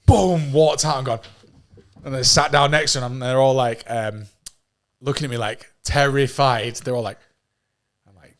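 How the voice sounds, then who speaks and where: A man in his thirties from England, a podcast guest telling stories in a casual, animated way, swearing freely and laughing at his own jokes. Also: medium pitch, moderate pace. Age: 30s. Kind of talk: casual storytelling.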